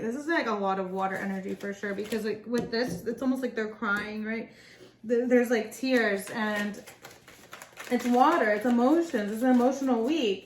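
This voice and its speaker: Chatty woman tarot reader, echoey room. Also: a little high. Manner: chatty, encouraging, talks straight to viewers with lots of "like". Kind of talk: casual pick-a-pile tarot reading. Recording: echoey room with faint background noise.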